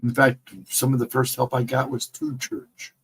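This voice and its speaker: A man's voice: medium pitch, monotone, moderate pace, creaky, fairly bright tone, slightly rough, low-quality recording. A middle-aged man co-hosting a casual livestream chat, talking in an earnest, encouraging way and repeating his advice. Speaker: livestream co-host.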